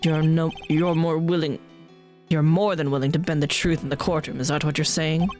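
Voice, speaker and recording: A woman's voice: low-pitched, little pitch movement, normal speed, a little mellow, close to an everyday voice. A woman voicing a smug, scheming older man who mocks and taunts in a theatrical way. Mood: mocking. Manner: oily, mocking, theatrical. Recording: stream with game music behind.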